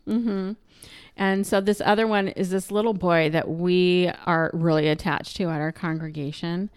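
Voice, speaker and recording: A woman's voice: normal speed, smooth. A middle-aged woman chatting casually as co-host, telling family stories and acting out the voices in them. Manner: animated storyteller, acts out quotes with big pitch jumps. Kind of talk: casual chat.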